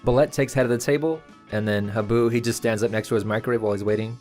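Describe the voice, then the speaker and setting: A man's voice: mid-range voice, steady tone, very fast, a little mellow, soft background music. A man running a tabletop game as game master, narrating loosely and casually. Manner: loose, casual storytelling with fillers.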